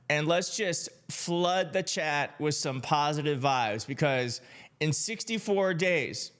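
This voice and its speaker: A man from Michigan hosting a political live stream, chatting casually and excitedly with his viewers. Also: fairly high pitch, smooth. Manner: upbeat, hyped, addresses chat directly, laughs often. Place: home setup in D.C.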